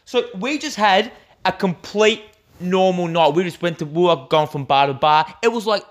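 A man's voice: high voice, lively intonation, moderate pace. A young Australian man co-hosting a podcast in casual chat, rambling through a story with lots of fillers and swearing. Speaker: podcast co-host.

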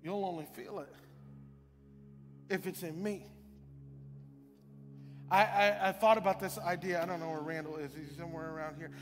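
A man's voice: a little high, steady tone, normal speed, pauses often, soft background music. A male pastor preaching a sermon in a church, emphatic and repetitive, full of rhetorical questions. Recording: long reverb of a large hall.

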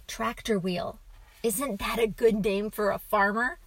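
A woman voicing a patient, gently teasing father who tells his son a bedtime story, in a storybook reading. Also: mid-range voice, fairly even intonation, a little slow, no room sound.

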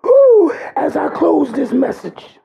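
A man preaching a sermon with great passion, his voice breaking into cries and shouts. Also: very high voice, huge pitch swings, slow, creaky, over loud music, poor audio.

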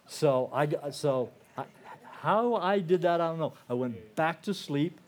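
An older man, a guest speaker, shares his personal testimony with a church audience, telling it conversationally with plenty of "you know" and restarts. He grows earnest and emotional, going softer at the heavy moments. His voice is a little high and expressive at a normal speed, with a slight hiss or hum on the recording.

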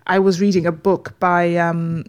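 A woman's voice: on the low side, little pitch movement, unhurried. A woman hosting her own podcast, speaking earnestly and pleading, often repeating words as she talks through a personal story. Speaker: podcast host.

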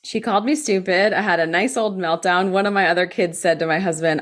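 An American woman in her thirties, a physician assistant, telling a personal story candidly with quick bursts and frequent "like". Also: medium pitch. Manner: candid, animated, fast bursts with filler likes.

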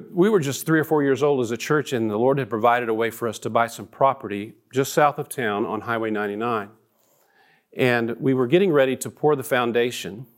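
A middle-aged man preaching a sermon as a pastor, earnest and storytelling, often restarting his sentences. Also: mid-range voice.

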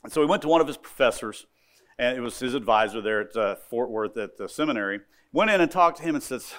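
A man's voice: medium pitch, animated, fast talker, fairly bright tone. A middle-aged male pastor preaching a sermon, telling stories, repeating phrases and speaking directly to his congregation as he builds to emphatic points.

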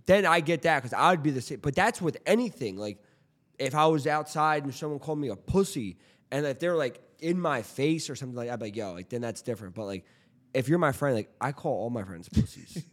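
A man's voice: medium pitch, expressive, brisk. A man in casual chat with friends, teasing and profane, pressing the same question again and again.

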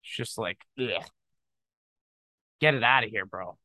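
A man's voice: on the low side, quick pace, bright, forceful tone, dry recording. A man talking alone on his podcast in a loose, rambling, jokey way, often tossing in "dude" and trailing off into mumbled asides. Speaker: podcast host. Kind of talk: casual solo monologue.

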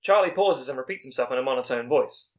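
A man hosting a podcast, briskly summarizing a story's plot with small stumbles and restarts. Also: medium pitch, lively intonation. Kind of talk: plot recap narration.

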